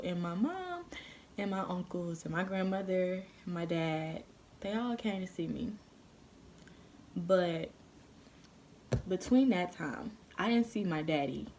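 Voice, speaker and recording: A young woman telling a story on her vlog, animated and profane, full of slang. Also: fairly low pitch, a little hiss or hum. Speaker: vlogger.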